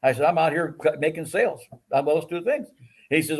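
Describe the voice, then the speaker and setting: A man's voice: on the high side, brisk, breathy edge. Older man telling boastful stories. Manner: energetic storyteller, boastful. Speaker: guest, host's father. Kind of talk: casual chat.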